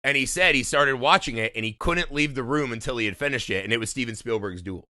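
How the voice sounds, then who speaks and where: A man in his thirties from Indiana, co-hosting a podcast and telling a story in animated, profane casual chat. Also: medium pitch, quick pace, dry recording, clean studio sound. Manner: animated storytelling, heavy swearing, laughing. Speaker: podcast co-host.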